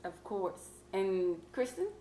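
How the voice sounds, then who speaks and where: A woman teacher leading a vocabulary lesson, patient and encouraging, reading clues out slowly. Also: mid-range voice, big pitch swings, warm tone, echoey room. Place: classroom.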